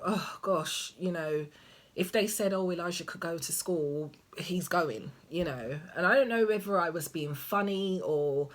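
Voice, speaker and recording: A young woman vlogging casually about parenting, rambling and hesitant with many ums and restarts. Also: deep voice. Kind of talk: casual chat to camera.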